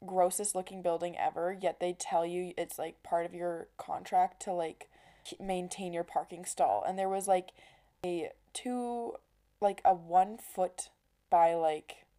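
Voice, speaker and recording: A woman in her twenties hosting a podcast, telling a story in a chatty way, filling her talk with "like" and acting out quoted exchanges. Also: on the low side. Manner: chatty, heavy use of "like", animated quoting. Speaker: podcast host. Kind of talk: casual storytelling monologue.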